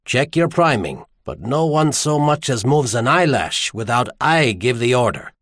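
A man voicing a calm veteran marine sergeant who gives low-key orders to his squad. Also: unhurried, no echo, clean studio sound.

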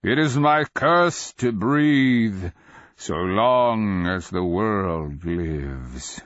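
A man voicing an ancient undead dragon with a booming, croaking voice, drawing each word out slowly and menacingly. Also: animated, fairly bright tone, no echo, exaggerated voice. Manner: slow, drawn-out, menacing. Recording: dull lo-fi dry recording.

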